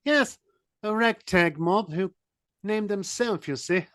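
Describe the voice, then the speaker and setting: A man putting on a pompous upper-class English army officer with a clipped, plummy, drawn-out delivery. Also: high-pitched, fairly bright tone, no echo, studio quality, voice pushed up. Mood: haughty. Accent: upper-class English, put on.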